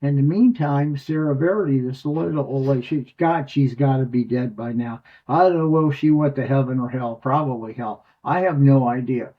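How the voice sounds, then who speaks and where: A man's voice: mid-range voice, normal speed, few pauses. Older guy telling a wild story over a video call, swears a lot, sound's kinda dull. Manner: rambling, animated, cursing freely. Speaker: former tax agent guest. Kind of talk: anecdotal storytelling in an interview. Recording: muffled lo-fi audio.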